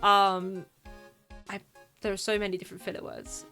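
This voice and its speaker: A woman's voice: medium pitch, level tone, normal speed, sharp tone, faint music behind. A woman streamer chatting casually with her viewers and reading game text aloud, giggly and friendly. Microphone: desk mic, live stream.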